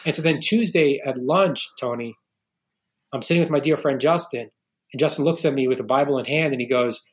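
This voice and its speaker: A man's voice: fairly high pitch, brisk. Earnest storytelling man from New York. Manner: earnest storytelling, many restarts. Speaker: podcast guest, realtor. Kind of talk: casual interview talk.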